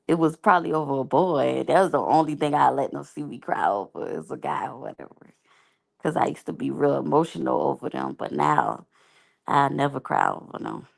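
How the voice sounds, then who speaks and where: A woman's voice: sits low, gravelly. A woman giving candid, rambling, slangy commentary as a reality TV reviewer. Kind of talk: casual unscripted commentary.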